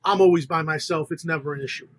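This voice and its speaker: A man's voice: on the high side, fast, no echo, rough recording. A man tells business stories on a podcast, slipping into the voices of the people he quotes. The sound is close and dry, with little room. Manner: animated storyteller quoting others in dialogue. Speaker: podcast guest, funder. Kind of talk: casual storytelling interview.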